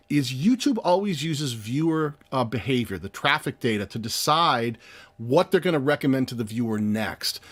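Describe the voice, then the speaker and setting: A man with a voice pitched a little high co-hosts a live stream. He talks casually and with energy, explaining ideas and walking through what he clicks on screen. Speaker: co-host of a channel review live stream.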